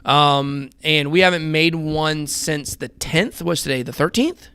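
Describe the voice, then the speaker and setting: A man's voice: fairly high pitch, measured pace, bright, forceful tone, smooth, dry recording. A man in his thirties hosting a casual trading show, rambling through charts and talking straight to his viewers. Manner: rambling, conversational, addresses viewers as guys. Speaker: crypto trading show host.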